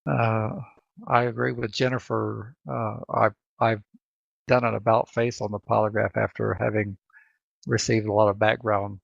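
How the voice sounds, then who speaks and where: A man with a Southern accent co-hosting a podcast, talking in a halting way and often repeating words as he thinks. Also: lowish voice, level tone, vocal fry, no echo. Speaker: co-host. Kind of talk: casual podcast chat. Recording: dry, dull lo-fi sound.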